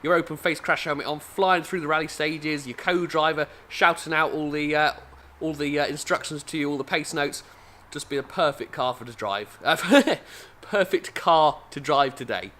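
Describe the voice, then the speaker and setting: An English man hosts his own channel with a fairly high, bright and forceful voice. He chats casually to camera, full of filler sounds and restarts. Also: moderate pace, slight background noise. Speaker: car channel host.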